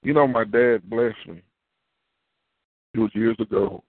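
A man's voice: lowish voice, a little slow, creaky, dry recording. Man pastor, casual sermon, acts out voices, dry tinny phone sound. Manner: animated, acts out dialogue, repeats himself. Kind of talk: preaching sermon.

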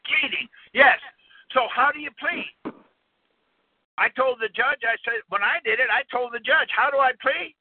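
A man's voice: very high voice, unhurried, pauses often, slightly rough, no room sound. A man giving a folksy, rambling talk to a small audience and quizzing them with questions. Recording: tinny phone-line recording, dry.

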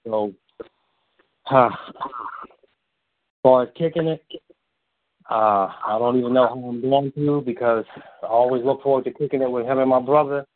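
A man's voice: mid-range voice, dry recording. Grieving male caller on a phone line. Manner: slow, halting, heartfelt pauses. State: holding back tears. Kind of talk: emotional tribute on a call-in show. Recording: dry, tinny phone line.

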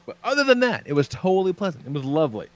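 A man hosting a podcast, telling a story in casual, profane, excitable chat. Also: on the high side, very fast. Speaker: podcast host.

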